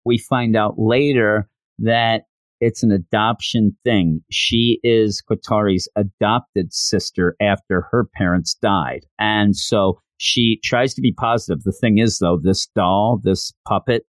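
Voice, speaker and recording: A man's voice: on the low side, fairly even intonation, slow, dry recording. Brief: man, casual rambling recap, very dry close sound. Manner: enthusiastic, rambling. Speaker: show reviewer.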